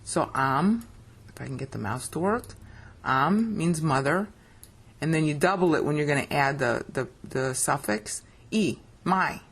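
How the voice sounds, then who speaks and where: A Bible teacher with a low, expressive, slightly rough voice speaks at a measured pace. She leads a screen-share scripture lesson, explaining each step with emphasis and often checking that the listener is following.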